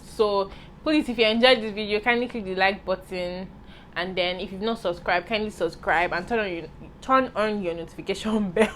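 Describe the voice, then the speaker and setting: A woman's voice: medium pitch, moderate pace. Young Nigerian woman, casual Q&A vlogger, playful and chatty, faint room noise behind. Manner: lively, playful, breaks into Yoruba and pidgin asides. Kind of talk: casual Q&A vlog chat.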